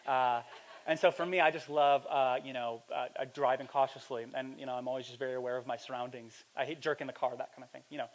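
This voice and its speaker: A young man preaching a sermon, telling a story in a casual, animated way and building to loud, emphatic preaching. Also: medium pitch, fast. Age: young adult. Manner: casual, with fillers and slang. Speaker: pastor.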